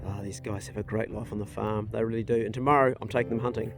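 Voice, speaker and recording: A man's voice: lowish voice, steady tone, quick pace, vocal fry, music in the background. A middle-aged man from New Zealand chatting casually outdoors on his farm, folksy and rambling, talking to his dogs. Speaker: vlogger and hunter. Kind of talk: casual outdoor vlog chat.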